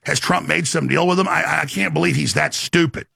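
A man hosting a talk show, delivering an emphatic rant and sales pitch with sudden swings in pitch. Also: brisk, gravelly, bright, forceful tone, slightly rough.

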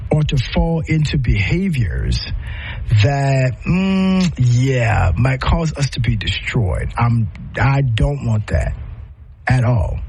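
Male preacher, sermon delivery, husky and fairly high-pitched, earnest and direct. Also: darkish tone. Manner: earnest, repetitive, direct address to listeners.

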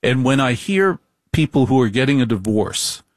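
A middle-aged man giving a comic monologue in a deliberate, repetitive, wry way. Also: medium pitch, expressive, no echo, clean studio sound.

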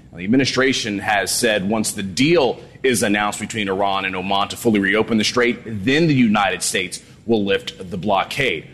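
A male Washington correspondent giving a live news report in a measured, steady way. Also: mid-range voice, breathy edge. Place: outdoors at the White House.

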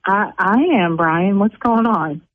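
A woman who owns a beauty salon, arguing with a caller over the phone, indignant and blunt and quick to flare up. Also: mid-range voice. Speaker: salon owner on a phone call. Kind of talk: heated phone argument. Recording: tinny phone line.

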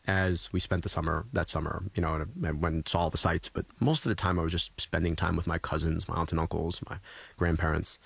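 A man's voice: low voice, steady tone, fairly quick, vocal fry, slightly rough, dry recording. A man in his thirties, a guest telling earnest, reflective stories in conversation, often restarting his sentences. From United States. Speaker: guest, former political candidate.

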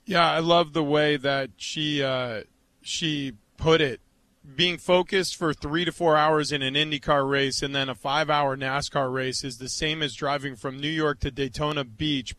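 A man's voice: a little high, sharp tone, no echo. A man co-hosting a sports talk show, speaking in an earnest, emphatic way. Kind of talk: casual sports chat.

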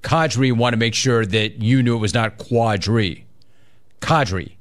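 A man's voice: medium pitch, moderate pace. A man hosting a sports talk show, reading listener emails and teasing his co-hosts with lots of repetition. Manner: animated, mocking, repeats phrases for effect. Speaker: sports radio host.

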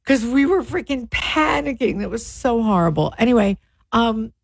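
A middle-aged woman co-hosting a radio talk show, animated and opinionated in her chat. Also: on the high side, normal speed, vocal fry, a little hiss or hum. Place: radio studio. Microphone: studio microphone.

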